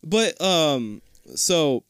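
A man co-hosting a casual podcast, with speech that swings up and down in pitch and a slightly high voice. He talks animatedly, swearing freely and laughing between quick asides, in a dry, close recording. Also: very animated, a bit bright, clean tone, no room sound. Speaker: podcast co-host. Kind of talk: casual chat.

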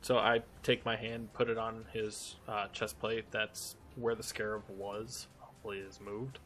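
A man playing a tabletop role-playing game, talking in a measured, easy way. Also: fairly low pitch, flat delivery, fairly bright tone, soft background music. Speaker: player.

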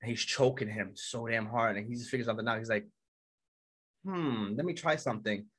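A man tearing through an anime episode recap at a rapid clip, his voice sitting at an ordinary middle pitch. He swears freely and jumps into the characters' lines as he retells each scene. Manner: excitable, swears a lot, acts out characters' lines.

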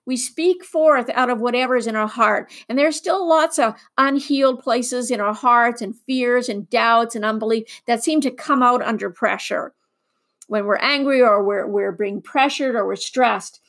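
A woman preaching in an easy, conversational way, her voice sitting a bit higher than most. She is earnest and unpolished, often restarting her sentences and leaning on fillers as she teaches. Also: moderate pace, fairly bright tone. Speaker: Bible teacher. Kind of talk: informal sermon.

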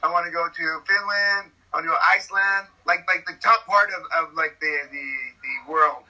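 A man's voice: on the high side, fairly quick, sharp tone, dull audio. A man from California chatting casually, telling rambling stories full of swearing. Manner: profane, rambling storyteller. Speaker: podcast guest. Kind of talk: casual chat.

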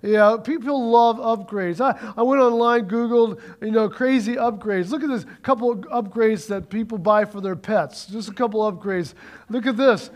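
A pastor preaching in a loose, conversational way, with a strikingly high male voice. He talks with animated energy and leads call-and-response with his congregation. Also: moderate pace. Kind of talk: sermon.

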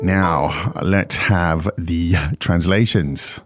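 A man hosting a language lesson podcast in a chatty, jokey way, giving quick English translations. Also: low voice, steady tone, dry recording, faint music behind. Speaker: podcast host and language teacher. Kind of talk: casual teaching chat. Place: studio in China.

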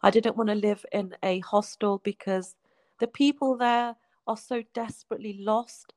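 A woman, a guest telling her life story in a heartfelt way, often falling to a soft hush. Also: medium pitch, fairly even intonation, moderate pace, dry recording. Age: 40s. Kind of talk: emotional personal storytelling.

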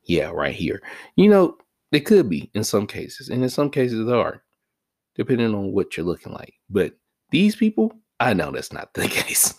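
A man with a fairly low voice holds forth in a casual, profanity-laced vlog rant. His pitch swings widely, jumping into loud, high outbursts and dropping back to low mutters. The recording is dry and close, with no room sound. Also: wildly swooping pitch, normal speed, no echo. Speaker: vlog host. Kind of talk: casual ranting monologue.

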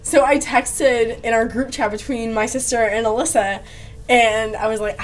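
A woman's voice: on the high side, steady tone, normal speed. A young woman in school, co-hosting a casual podcast chat, chatty and slangy with frequent laughs. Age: young adult. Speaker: podcast co-host.

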